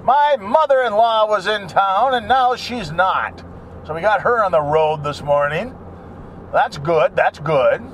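A man's voice: sits high, expressive, measured pace, a little hiss or hum. A middle-aged man chatting casually while driving, rambling from topic to topic and grumbling at other drivers. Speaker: vlogger. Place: in a car.

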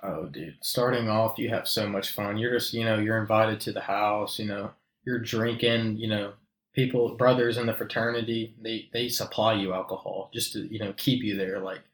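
A man's voice: on the low side, fairly even intonation, normal speed. A young man guest on a casual podcast, rambling and swearing while he tells stories. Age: young adult. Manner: laid-back, swears, rambling storytelling. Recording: echoey room.

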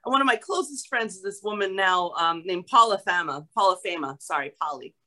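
Bright chatty woman from new york, animated storyteller, talking as a guest. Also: medium pitch, brisk, low-quality recording. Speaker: guest, actress. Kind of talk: casual chat.

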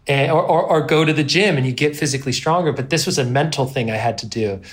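A man in his thirties, a guest on an interview podcast, telling a personal story in a rambling, self-deprecating way with lively quoted asides. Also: medium pitch, quick pace. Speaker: guest, pro snowboarder.

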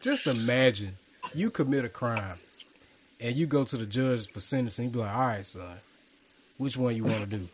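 A man hosting a casual chat, animated and joking with loud laughs. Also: mid-range voice, normal speed, a little hiss or hum. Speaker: podcast host.

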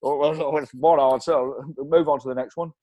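A man's voice: fairly high pitch, steady tone, normal speed, mellow, dry recording, close to an everyday voice. Man doing a Geordie street reporter, brash, cheery, dry close mic. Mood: chirpy.

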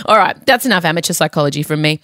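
A woman's voice: low-pitched, pushed and bright, no room sound, clean studio sound. A woman in her forties hosting a podcast in casual chat, candid, swearing freely and often getting emotional. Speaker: podcast host. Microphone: studio microphone.

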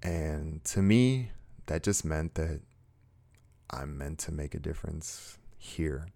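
A man speaking earnestly to his viewers in a motivational monologue, slow and emphatic, repeating short phrases. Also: rumbling low, creaky, warm tone. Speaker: self-help speaker.

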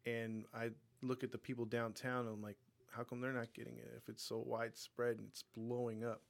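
A man's voice: medium pitch, little pitch movement, fairly quick, gravelly. A young man co-hosting a podcast in casual chat, rambling and loose, with lots of "like" and "you know". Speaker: podcast co-host.

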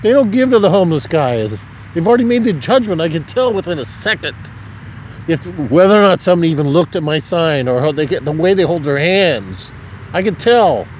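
Tipsy rambling man, lively high voice. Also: brisk, slight background noise. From Nebraska. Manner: rambling, profane, chuckling. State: drinking, tipsy. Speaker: vlogger. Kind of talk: casual rambling monologue. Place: outdoors on a city street at night.

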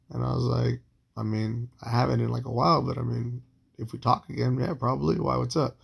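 Gravelly, husky man telling a story. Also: medium pitch, flat delivery, fast. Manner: profane, rambling, heavy filler words. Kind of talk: casual storytelling monologue.

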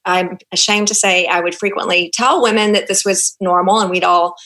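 A woman's voice: mid-range voice, steady tone, moderate pace, pushed and bright, rough recording. A woman in her fifties with a New Zealand accent, speaking frankly and candidly as a gynecologist guest on a podcast, with many fillers. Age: 50s. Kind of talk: podcast interview.

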